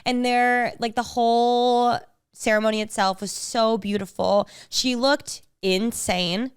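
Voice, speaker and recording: A woman co-hosting a podcast, telling a story in an animated, gushing way. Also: fairly high pitch, slow pace, clear, resonant tone, no echo, studio quality. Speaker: podcast co-host. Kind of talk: casual chat.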